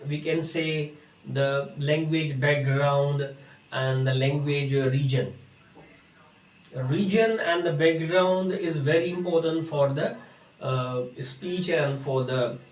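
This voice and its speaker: A man teaching an English lesson to students, speaking haltingly with many fillers. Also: fairly high pitch. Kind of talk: recorded English lecture. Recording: echoey room, distant mic.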